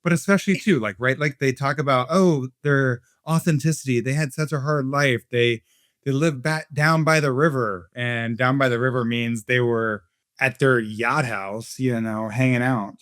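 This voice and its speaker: A man's voice: medium pitch, moderate pace, fairly bright tone, dry recording, studio quality. A man hosting a casual podcast chat, joking around and rambling. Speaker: podcast host.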